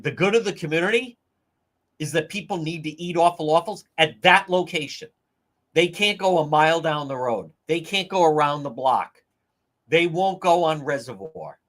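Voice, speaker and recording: A man's voice: fairly high pitch, a bit bright. A man hosting a livestream talk show, ranting incredulously through opinionated news commentary and addressing viewers as folks.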